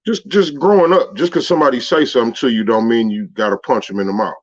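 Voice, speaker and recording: A man's voice: medium pitch, fast. Male radio co-host, laid-back and slangy, hits his points hard, muffled lo-fi sound. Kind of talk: casual call-in radio talk.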